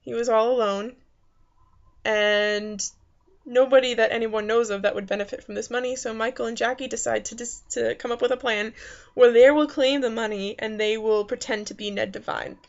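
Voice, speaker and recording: A woman's voice: on the high side, steady tone, moderate pace, vocal fry, highs cut off. A woman giving a casual spoken movie review, rambling with many fillers and restarts. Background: faint background noises.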